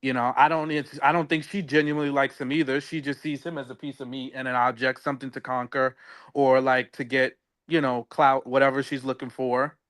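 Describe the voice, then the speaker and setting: A man's voice: mid-range voice, level tone, fairly quick, fairly bright tone. A man co-hosting a podcast, chatting casually about a reality show, rambling and searching for words with many fillers. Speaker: podcast co-host.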